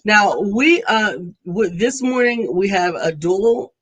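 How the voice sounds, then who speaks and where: A woman's voice: mid-range voice, expressive, takes it slowly, a bit bright, slightly rough, low-quality recording. A woman in her fifties co-hosting a live talk show, chatting playfully and breaking into sung greetings. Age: 50s. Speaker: co-host. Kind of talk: casual live show chat.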